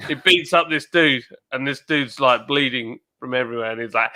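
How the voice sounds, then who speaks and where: A man in a casual chat, blunt and wry, with drawn-out fillers. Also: medium pitch, sharp tone.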